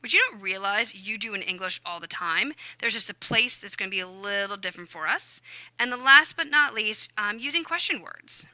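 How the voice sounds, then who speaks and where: Teacher voice-over: young woman, upbeat and chatty, crisp dry sound. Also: mid-range voice, animated, brisk, sharp tone, no room sound. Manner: chatty, upbeat, many "okay"s and "um"s. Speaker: Spanish teacher. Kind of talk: recorded grammar lesson. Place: voice-over for lesson slides.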